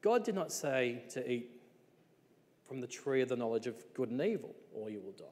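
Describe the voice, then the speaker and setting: Preacher in an echoing hall. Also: male voice, mid-range voice, sing-song, moderate pace, a little mellow. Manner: conversational, asks rhetorical questions. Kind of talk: sermon.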